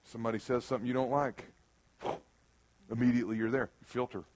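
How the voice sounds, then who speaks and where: A man preaching a sermon in a church room, who moves from loud bursts to quiet, earnest passages and acts out the voices he quotes. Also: medium pitch, steady tone, a little fast. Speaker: pastor.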